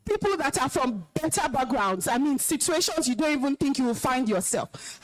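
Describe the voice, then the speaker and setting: Nigerian woman speaker, high-pitched and emphatic, stern alumna lecturing students on discipline. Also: expressive, moderate pace, few pauses, low-quality recording. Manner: scolding, commanding, emphatic. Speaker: alumna guest speaker, compere. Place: school hall, live event.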